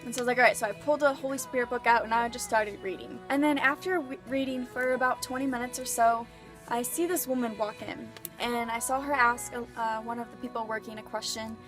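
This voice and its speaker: A woman's voice: a little high, fairly even intonation, fairly quick, music in the background. A young woman vlogger telling a personal story in a chatty, earnest way, full of filler words. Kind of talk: casual storytelling.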